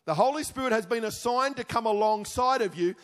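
Emphatic pastor in reverberant hall. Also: male voice, brisk, a bit bright. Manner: emphatic, rising to exclamations then dropping low and intimate. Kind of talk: sermon. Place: church hall.

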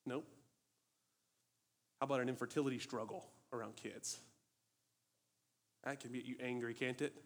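A man preaching a sermon in an animated, emphatic way, asking many rhetorical questions. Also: mid-range voice, moderate pace, pauses often.

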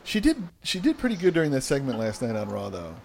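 A man's voice: medium pitch, huge pitch swings, fast talker, vocal fry, a little mellow. A young man with a New Jersey accent, hosting a podcast in casual, rambling chat, laughing often and swearing freely. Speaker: podcast host.

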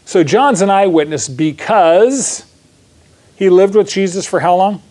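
A man's voice: high voice, a little slow, a little mellow. A man preaching a verse-by-verse sermon, teaching conversationally with frequent questions to the congregation and "right?" checks. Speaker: pastor.

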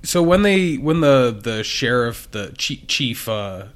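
Animated man guest, lively pitch. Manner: animated, halting restarts. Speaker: podcast guest. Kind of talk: casual film chat.

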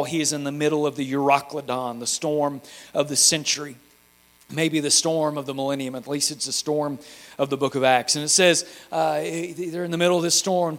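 A man preaching a sermon in a church, moving from quiet, measured talk to loud, rhythmic exhortation and leading the congregation to repeat after him. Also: fairly high pitch. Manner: builds from quiet talk to shouted preaching, leads call-and-response. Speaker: pastor. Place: church sanctuary.

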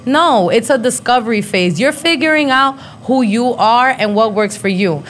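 A woman's voice: fairly high pitch, lively intonation, moderate pace. Blunt profane woman host, light noise. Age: 30s. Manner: blunt, profane, laughing storyteller. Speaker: podcast host. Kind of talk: casual live-show chat. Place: live show venue.

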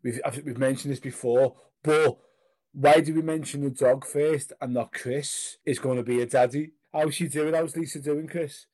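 A man's voice: medium pitch, steady tone, moderate pace, a little mellow. A man co-hosting a casual podcast, jokey and teasing, laughing often. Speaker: podcast co-host.

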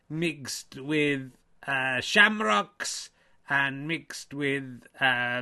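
Man putting on a jovial stage-Irish snooker guy, fake accent, slow rambling blarney, bit high. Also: pushed and bright, exaggerated voice. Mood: indignant.

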